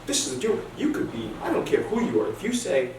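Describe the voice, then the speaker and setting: A man's voice: high voice, wildly swooping pitch, fast talker. Young man, stand-up comedy storytelling, nervous restarts, echoey room, mic far away. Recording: echoey room, distant mic, faint noise.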